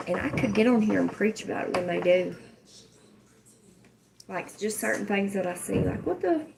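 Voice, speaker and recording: A woman with a drawl chats casually on her livestream. She keeps things joking and loose, laughs easily and swears playfully. Her voice sits at a middling pitch. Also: lively intonation, normal speed, vocal fry, heavy background noise. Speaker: livestream host.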